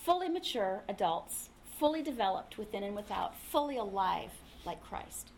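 A woman's voice: medium pitch, big pitch swings, normal speed, darkish tone, a little hiss or hum. A woman preaching a sermon in a conversational, humorous way, acting out little quotes as she teaches.

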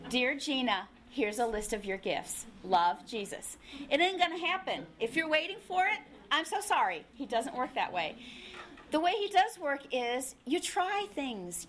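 A woman's voice: sits high, fairly bright tone, a little hiss or hum. A woman preaching a sermon in a conversational, humorous way, acting out little quotes as she teaches.

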